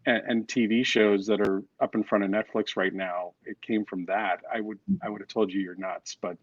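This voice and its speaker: A man's voice: lowish voice, steady tone, normal speed, no echo. Man telling stories over a dull call line. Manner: storytelling, self-deprecating, restarts often. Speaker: guest author and coach. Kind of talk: casual interview chat.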